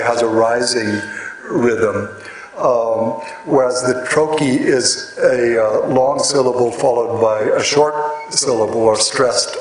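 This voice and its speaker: Male lecturer, unhurried and hesitant with many fillers, recorded from afar in an echoey hall. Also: mid-range voice. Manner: slow, halting, with many fillers and restarts. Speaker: speaker giving a talk. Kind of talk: lecture on poetic meter. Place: large hall with an audience. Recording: echoey hall, mic at a distance, audience noise.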